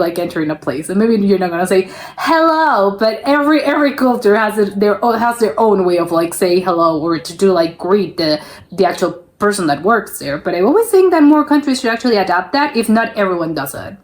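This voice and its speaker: A woman's voice: mid-range voice, sing-song, fairly quick. A woman from South America hosting a reaction video, talking casually with lots of fillers and restarts as she thinks aloud. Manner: chatty, hesitant, many fillers and restarts.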